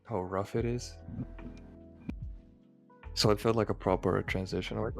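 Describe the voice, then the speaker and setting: A low-voiced man with a Bulgarian accent and a gravelly, creaky edge, chatting casually on a stream. He tells rambling, profane stories. Faint music plays behind him. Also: steady tone, a little slow. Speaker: stream guest. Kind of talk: casual chat.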